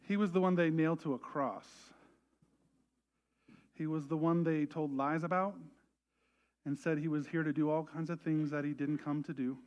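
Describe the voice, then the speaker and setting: A man with a high voice preaches to his congregation, lively and animated, slipping into voices as he quotes. The sound is a little dull and lo-fi. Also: normal speed, pauses often. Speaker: pastor. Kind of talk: sermon. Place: church service.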